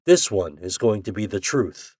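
A man's voice: lowish voice, animated, moderate pace, darkish tone, no room sound, studio quality. A man reading a story and voicing a determined young journalist who speaks earnestly and insistently.

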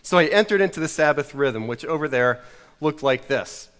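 A man's voice: fairly high pitch, animated, normal speed, a bit bright, smooth, in a large hall. A middle-aged American man preaching a sermon, telling a story in a wry, self-mocking way. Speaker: pastor.

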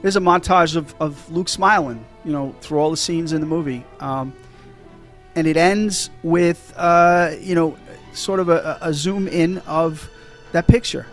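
A man's voice: fairly high pitch, measured pace, soft background music. A man hosting a casual movie-talk podcast, rambling and stumbling over his words as he gets emotional. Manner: rambling, restarts a lot, emotional. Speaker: podcast host.

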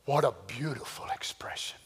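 A man preaching a sermon to a church congregation, animated and firing rhetorical questions. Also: mid-range voice, normal speed, husky. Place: church sanctuary. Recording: long church-hall reverb.

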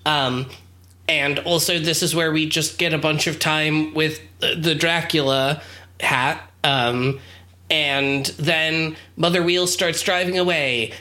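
Podcast co-host, slow unhurried pace, bright voice, casual recap. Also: mid-range voice, steady tone. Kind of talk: casual chat recapping a show.

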